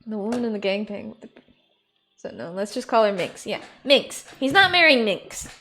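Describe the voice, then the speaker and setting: Lively chatty woman streamer. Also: mid-range voice, normal speed, slight background noise. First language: German. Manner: chatty, playful, laughs often. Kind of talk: casual gameplay commentary.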